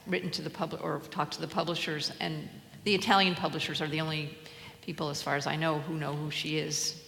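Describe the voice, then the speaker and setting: A woman's voice: low voice, little pitch movement, brisk, vocal fry, fairly bright tone, slight background noise. An older woman answering questions on stage as a translator guest, hesitant, with many fillers and restarts. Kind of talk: onstage Q&A conversation. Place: lecture hall at a public event. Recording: echoey hall with faint ambience.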